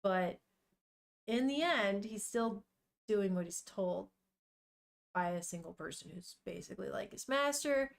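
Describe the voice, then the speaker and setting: A woman's voice: mid-range voice, expressive, unhurried, creaky, pauses often. A young woman on a live stream, chatting casually with viewers while reading a manga aloud and swearing now and then. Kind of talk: casual live-stream chat and read-along.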